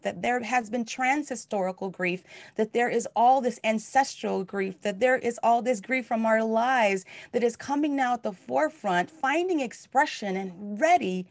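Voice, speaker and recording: A woman's voice: fairly high pitch, dry recording. A middle-aged woman minister giving a heartfelt, conversational sermon with many fillers.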